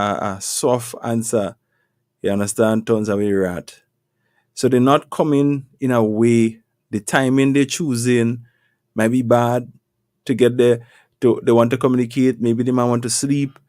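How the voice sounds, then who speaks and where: Male host, mid pitch, preachy advice talk, dry recording. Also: darkish tone, no room sound. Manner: preachy, repeats words, rhetorical questions. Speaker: podcast host.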